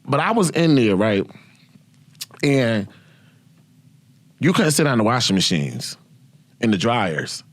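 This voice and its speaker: A man hosting his own podcast, telling profane, animated stories about his past and laughing often. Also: mid-range voice, slow pace, long pauses, dry recording. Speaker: podcast host. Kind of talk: casual storytelling.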